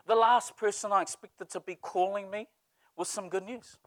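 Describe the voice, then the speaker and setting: A man's voice: high voice, normal speed, no room sound. A man preaching a sermon, telling stories with humor. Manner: lively storytelling with humor. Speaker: pastor.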